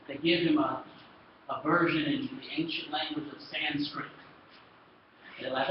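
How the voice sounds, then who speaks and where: A man giving a history lecture to a class, lively and storytelling, acting out the people in his stories. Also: a little high, normal speed, distant mic. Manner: lively storytelling, acts out quoted exchanges. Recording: echoey classroom recorded from afar, dull and noisy.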